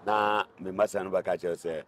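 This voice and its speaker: An older Ghanaian man with a fairly low voice talks as the guest in a casual interview. He tells his stories with energy and repeats words for emphasis. Faint noise runs under the recording. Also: normal speed. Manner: animated storytelling, repeats words for stress. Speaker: interview guest, veteran cargo driver.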